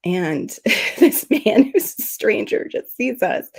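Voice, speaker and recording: A woman's voice: fairly high pitch, animated, a little slow, breathy edge. A middle-aged woman hosting a casual livestream, telling a personal story while teary and sniffling. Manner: emotional, tearful storytelling, sniffling. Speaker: livestream host. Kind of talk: casual livestream chat with viewers.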